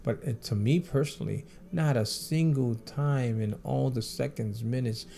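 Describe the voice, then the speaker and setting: A man's voice: medium pitch, normal speed, vocal fry, mellow, slight background noise. A man, a professional drummer, answering fan questions and telling personal stories in an earnest, repetitive way that piles phrase on phrase.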